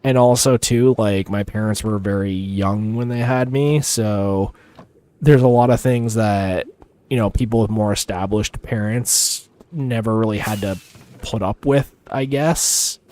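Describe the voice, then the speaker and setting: A man streaming a game live, chatting casually with viewers and rambling with lots of fillers and quick chuckles. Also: fairly low pitch, a little mellow. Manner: chats with viewers while playing. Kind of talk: casual gameplay commentary.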